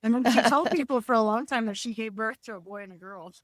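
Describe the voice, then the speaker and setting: A woman's voice: on the high side, quick pace, dry recording. A woman comedian, a podcast guest, telling family stories in casual chat and mimicking relatives' voices. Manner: storytelling, mimics family voices, laughs often.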